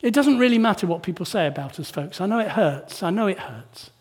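High-voiced preacher, sermon with tag questions. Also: male voice, lively intonation, a little fast, breathy edge. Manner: rhetorical, full of tag questions to the congregation; swings between hushed and emphatic. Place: church.

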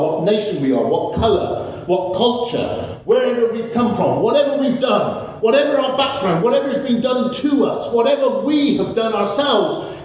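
Fervent preacher in an echoing church. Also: male voice, extremely high pitch, darkish tone, a little hiss or hum. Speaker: pastor. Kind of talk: sermon. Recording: echoey church hall from far off, dull.

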